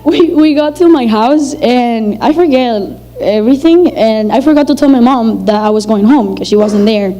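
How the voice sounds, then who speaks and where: A woman's voice: fairly high pitch, moderate pace, mellow, poor audio. A young woman from Venezuela, telling a personal story to an audience in a chatty, filler-heavy way and acting out the dialogue. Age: young adult.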